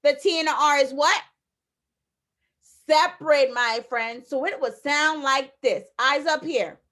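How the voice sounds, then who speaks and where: High-voiced teacher sounding out phonics slowly. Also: female voice, fairly bright tone. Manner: slow, emphatic sounding-out of letters and sounds; encouraging, repeats phrases to the class. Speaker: kindergarten teacher. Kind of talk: phonics lesson for young children.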